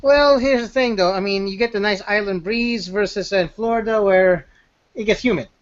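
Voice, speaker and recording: A man's voice: high-pitched, normal speed. A man in a casual podcast chat, chatty and a little hesitant, laughing easily. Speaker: podcast co-host. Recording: dull lo-fi sound.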